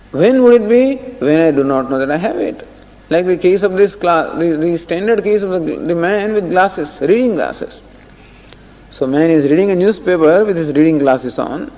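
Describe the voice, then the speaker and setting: Man teaching scripture, lively up and down voice, a bit high, echoing hall. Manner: explanatory, tells illustrative stories with acted-out dialogue. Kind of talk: spoken discourse on scripture. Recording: long reverb of a hall.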